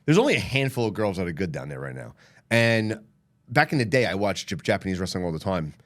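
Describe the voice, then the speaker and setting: A man's voice: deep voice, fast. A man co-hosting a wrestling podcast, telling stories and ranting in a profane, laughing way. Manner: animated storyteller, profane, laughing. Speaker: podcast co-host, former wrestler. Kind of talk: casual podcast chat. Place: studio.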